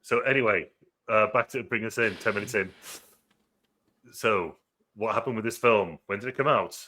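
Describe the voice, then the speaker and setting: A British man with a low voice and a bright, forceful tone. He talks in an easygoing, chatty way and drops swear words casually, as a co-host of a film review show. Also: moderate pace. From United Kingdom. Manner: laid-back, swears casually. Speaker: podcast co-host. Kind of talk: casual chat.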